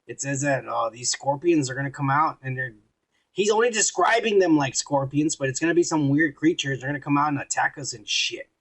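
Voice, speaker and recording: Guy cohosting a podcast, husky and gravelly, cursing a lot while reading comments. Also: fairly high pitch, brisk, fairly bright tone. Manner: swears a lot, reads viewer comments aloud. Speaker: podcast co-host. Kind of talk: casual drunk podcast banter.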